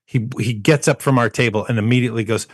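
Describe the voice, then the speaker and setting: A man in casual podcast talk who tells stories with energy and slips into quick impressions of people. His voice sits at an ordinary middle pitch. The sound is close and dry, with no room around it. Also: no echo. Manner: animated anecdote teller who mimics people. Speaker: podcast co-host. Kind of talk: casual chat, storytelling.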